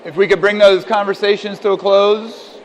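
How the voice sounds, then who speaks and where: A man's voice: high voice, fairly even intonation, moderate pace, a faint crowd, a little hiss or hum. An American man presenting at a teachers' conference in a casual, interactive way, repeating audience answers back and restarting sentences often. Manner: conversational, echoes audience answers, many restarts. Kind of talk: interactive workshop talk with teachers.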